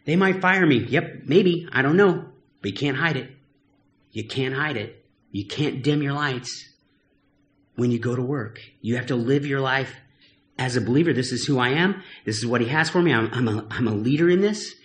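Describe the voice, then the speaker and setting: A man's voice: mid-range voice, moderate pace, fairly bright tone, roomy sound. A middle-aged man, a pastor, preaching a sermon in a candid, conversational way and telling personal stories.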